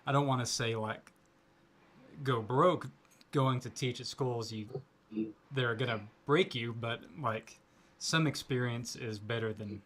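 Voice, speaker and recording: A man who teaches percussion, chatting casually on a podcast in a lively, emphatic way. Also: medium pitch, a little slow. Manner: lively, emphatic, quoting others. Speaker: percussion instructor.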